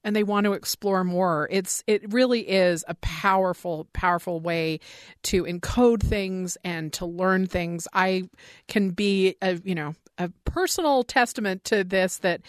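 A woman hosting a show, effusive and enthusiastic, who repeats words when she gets excited. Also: lowish voice, a little slow, smooth, dry recording, clean studio sound. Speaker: podcast host.

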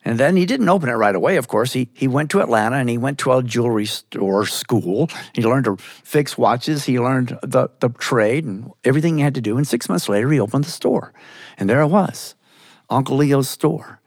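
A man from Georgia, telling a story in an animated way with chuckling asides. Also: medium pitch, moderate pace, dry recording, clean studio sound. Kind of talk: storytelling performance.

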